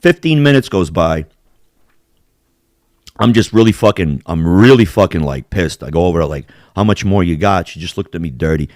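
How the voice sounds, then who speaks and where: A male podcast host in crude, casual chat. His pitch swings a lot as he tells animated stories, full of swearing and frequent laughter. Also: normal speed, no echo, clean studio sound.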